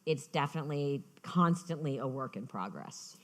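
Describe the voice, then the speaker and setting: A middle-aged woman, an author guest, telling animated stories, laughing often and restarting her sentences. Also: very deep voice, moderate pace. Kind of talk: casual anecdotal storytelling.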